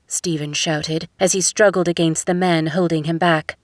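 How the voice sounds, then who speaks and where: A woman narrating a romance audiobook in a measured, even storytelling manner. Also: lowish voice, no echo, clean studio sound. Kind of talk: scripted narration.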